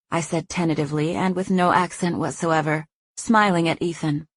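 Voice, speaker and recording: A woman reading a first-person romance audiobook, narrating smoothly and giving the heroine's lines a lively, playful voice. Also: low-pitched, moderate pace.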